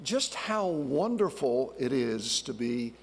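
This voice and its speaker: A retired broadcaster in his sixties gives a warm, heartfelt acceptance speech from a podium. His voice has a gravelly edge. The sound carries a long reverb from the large hall. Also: medium pitch, sing-song, slow pace. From North Carolina. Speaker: award recipient, retired TV broadcaster.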